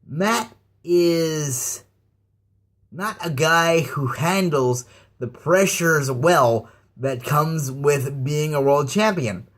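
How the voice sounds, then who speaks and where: A man with a fairly high voice delivers a casual rant to his viewers. He talks slowly, stopping and stammering, his words full of fillers and restarts. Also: fairly bright tone. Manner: slow, halting, with many fillers and stammers. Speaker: YouTube ranter.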